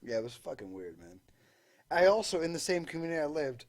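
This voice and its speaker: A man's voice: on the high side, big pitch swings, fast. Joking young man telling blunt stories. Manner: joking, blunt anecdotes with fillers. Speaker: podcast co-host. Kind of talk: casual chat.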